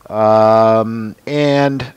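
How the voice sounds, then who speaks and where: The recording is muffled, and the man's lowish, darkish voice stays steady and smooth while moving extremely slowly. In his sixties, he's a show host and special-effects mask maker leading a casual workshop demo, rambling chattily about his mask and costume work with fillers and asides.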